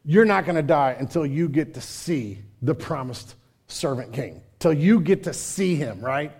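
High-voiced energetic male preacher. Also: measured pace, slightly rough. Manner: energetic, conversational preaching with slang; drops to hushed intimate tone. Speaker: pastor. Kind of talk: sermon.

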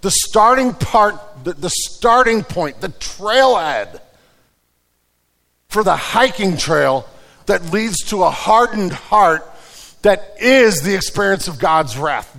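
Male pastor mid-sermon, high voice, chatty storytelling delivery, recorded in a reverberant church. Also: gravelly, a bit bright. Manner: conversational preaching with repeated restarts and told anecdotes.

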